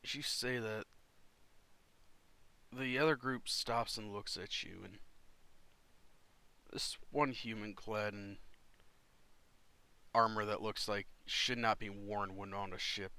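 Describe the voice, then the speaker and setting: A man narrating a tabletop game as game master, in a casual, halting way. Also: fairly low pitch, steady tone, sharp tone, smooth.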